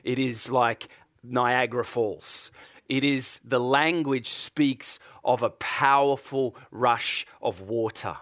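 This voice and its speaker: Australian male preacher, earnest, measured and slow, mid-pitched, dry close mic. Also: a bit bright, no room sound. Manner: earnest, repeats phrases, rising questions to the congregation. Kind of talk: sermon.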